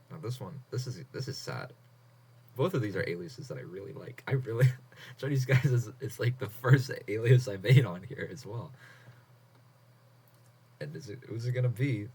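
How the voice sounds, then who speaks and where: A man's voice: lowish voice, a little mellow, slight background noise. A man hosting a casual online contest stream, reading entries aloud with frequent laughs and casual swearing. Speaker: host of an online writing contest.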